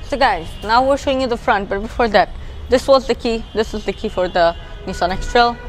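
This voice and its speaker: A woman's voice: a little high, a little fast, soft background music. A woman with a Bangladeshi English accent giving a casual walkaround car review outdoors, explaining features as she points them out, her voice drifting from the camera mic as she moves. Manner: chatty, explanatory, points things out as she goes. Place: outdoors beside a parked car.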